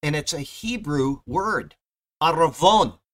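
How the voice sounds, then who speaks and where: A man's voice: fairly high pitch, animated, normal speed, a bit bright. A male pastor teaching a Bible study verse by verse, emphatic, stressing key points and checking in with the class. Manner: emphatic, repeats "okay?" to the class, rises sharply on key points.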